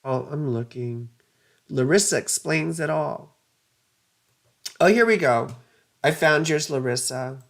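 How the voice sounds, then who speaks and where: A woman's voice: low voice, takes it slowly, creaky, long pauses. A woman giving a casual astrology reading, chatty and rambling, drifting into side stories. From United States. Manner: rambling, digressive, chatty, self-mocking.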